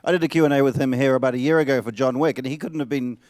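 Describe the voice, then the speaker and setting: A male interviewer who asks his questions quickly, stumbling over restarts and trailing off as he goes. The sound is dry and close to the mic. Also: medium pitch, steady tone, a little mellow, no room sound. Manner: halting, full of restarts.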